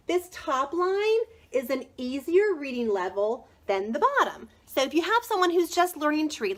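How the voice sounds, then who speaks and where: A high-pitched, bright-toned woman chats casually on a live stream about children's books she sells. She gushes with enthusiasm and rambles from point to point, stopping for fillers along the way. Her voice is light, lifted and sharp. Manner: gushing, enthusiastic. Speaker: children's book consultant.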